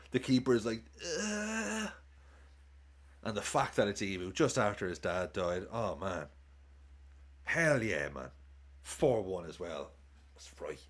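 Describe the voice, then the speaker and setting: A man streaming a live football watchalong, chatting casually, swearing, cheering goals and thanking viewers for tips. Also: lowish voice.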